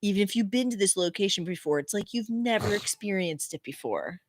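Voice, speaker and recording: A woman's voice: mid-range voice, animated, brisk, slight background noise. A young woman co-hosting a podcast in casual chat, teasing and laughing often. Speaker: podcast co-host.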